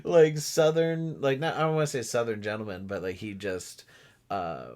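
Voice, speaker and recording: A young man co-hosting a podcast in casual chat, animated and acting out quotes in mimicking voices. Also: on the low side, moderate pace. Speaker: podcast co-host.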